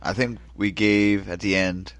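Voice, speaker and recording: A man co-hosting a casual gaming podcast, tossing in short jokes and quick interjections. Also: low-pitched, flat delivery, fairly bright tone, dry recording. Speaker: podcast co-host.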